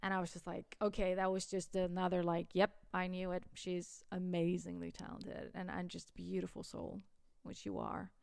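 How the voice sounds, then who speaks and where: A woman from Iceland co-hosting a podcast, chatting casually and telling a lively, laughing story with acted-out quotes. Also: lowish voice, normal speed, vocal fry, hardly any pauses, clear, resonant tone, dry recording. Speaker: podcast co-host. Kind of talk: casual chat.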